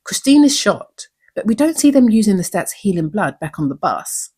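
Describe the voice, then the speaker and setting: Husky-voiced woman hosting a show recap. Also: medium pitch, sing-song, normal speed, a little mellow. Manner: earnest, reflective, asks many questions. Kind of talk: recap commentary.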